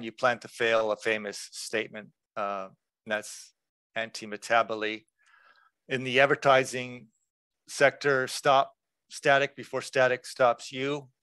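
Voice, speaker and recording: A man presenting a workshop lecture in a relaxed, conversational way, explaining terms with examples. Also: lowish voice, clean tone, no echo.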